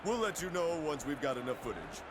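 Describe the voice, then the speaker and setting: A man's voice: on the high side, big pitch swings, fairly quick, noisy background. A man voicing a flamboyant male penguin film director who calls everyone darling. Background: loud game music.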